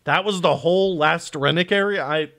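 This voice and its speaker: A man commentating his own horror game playthrough, excitable and jokey, swearing freely and talking to himself. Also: fairly high pitch, normal speed, a little hiss or hum. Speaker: gaming streamer. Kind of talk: let's-play commentary. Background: game music and sounds.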